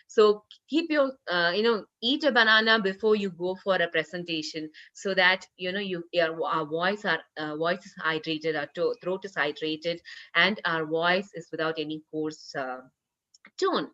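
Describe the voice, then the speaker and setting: A woman's voice: lowish voice, moderate pace, pushed and bright, dull audio. A woman corporate trainer giving an online training session, earnest, repeating herself with many "you know" fillers. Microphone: video call.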